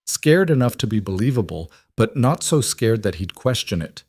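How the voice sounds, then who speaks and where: A man giving scripted narration of a romance story in a steady storytelling manner. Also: on the low side, moderate pace.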